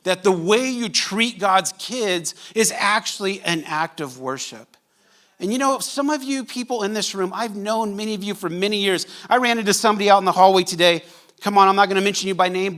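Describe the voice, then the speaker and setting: A man's voice: high voice, brisk, a bit bright. A man, a pastor preaching a sermon to his congregation in a church, talking casually and joking with the room. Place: church sanctuary.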